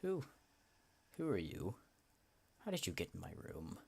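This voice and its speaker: A man's voice: sits low, very animated, a little slow, vocal fry, a little mellow, breathy edge, exaggerated voice. A man voicing a brusque, suspicious male character in a video game who wants an intruder gone. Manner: brusque and dismissive. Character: curt, suspicious male innkeeper's guest.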